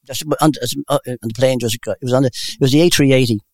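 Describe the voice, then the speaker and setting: A man's voice: mid-range voice, fairly even intonation, fast talker, dry recording. An older man telling rambling personal stories in a casual interview. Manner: rambling, warm anecdotal storyteller. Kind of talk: casual storytelling.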